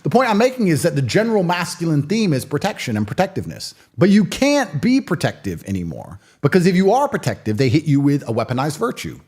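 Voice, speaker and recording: A man in his late thirties speaking in a casual interview, telling stories in an emphatic, animated way. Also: on the high side, fast, hardly any pauses, slightly rough. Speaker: guest.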